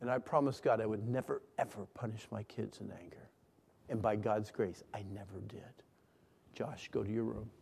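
Gravelly preacher in a reverberant hall. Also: male voice, lowish voice, steady tone, normal speed. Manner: call-and-response, swinging from hushed to loud. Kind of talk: sermon to a congregation.

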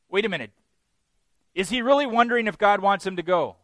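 A man preaching a sermon, animated, acting out quotes with big jumps in voice and laughing along. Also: high-pitched, dry recording. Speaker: pastor.

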